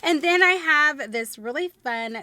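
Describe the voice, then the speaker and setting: A high, bright woman's voice, eager and sparkly as she unboxes gifts for her channel. She gushes nonstop, breaking into gasps and squeals. The sound is close and dry, with no room around it. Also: measured pace, dry recording. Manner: gushing, excitable, frequent gasps and squeals. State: short on sleep. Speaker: DIY channel host. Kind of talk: unboxing vlog.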